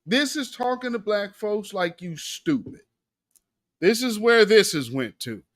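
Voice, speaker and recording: Man, high voice, very lively pitch, dry close recording, sarcastic and emphatic commentary. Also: measured pace, dry recording. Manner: animated, emphatic, slangy and sarcastic. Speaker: commentary show host. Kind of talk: political commentary monologue.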